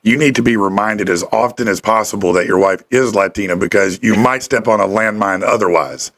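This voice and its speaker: A man's voice: on the low side, a little fast, fairly bright tone. A man hosting a casual interview, joking and laughing often. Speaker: show host.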